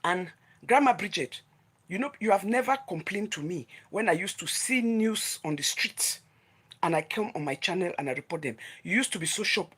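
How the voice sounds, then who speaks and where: A woman's voice: medium pitch, expressive, fairly quick, a bit bright, slightly rough. A woman with a Nigerian accent, a vlogger running her own gossip news channel, delivers a heated, confrontational rant that scolds her target with emphatic repetition.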